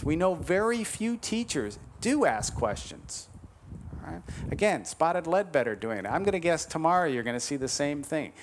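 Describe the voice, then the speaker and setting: A man giving a motivational lecture to golf teachers, emphatic, slowing on key advice and tagging his points with "all right?". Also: a little high, a little hiss or hum. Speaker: conference speaker to golf teachers.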